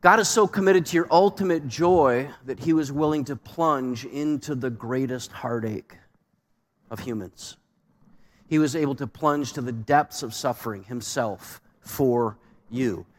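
A man's voice: mid-range voice, measured pace. Man, pastor preaching, rhetorical questions, long hall reverb. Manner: asks rhetorical questions, varied emphasis. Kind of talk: sermon.

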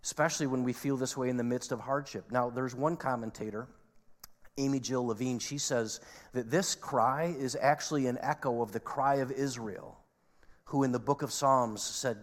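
A man's voice: medium pitch, fairly even intonation, normal speed. Earnest male pastor in a reverberant hall. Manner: earnest, swings between emphatic peaks and quiet asides. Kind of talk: sermon. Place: church sanctuary. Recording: long reverb of a large hall.

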